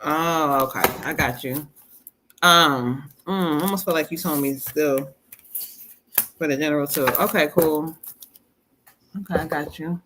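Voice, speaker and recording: A woman reads tarot live on a stream, talking to a viewer. Her voice is bright and ringing. She is animated and laughs often, and slips into a sassy voice when she quotes spirits. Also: low-pitched, unhurried, pauses often, slight background noise. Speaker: psychic medium giving readings.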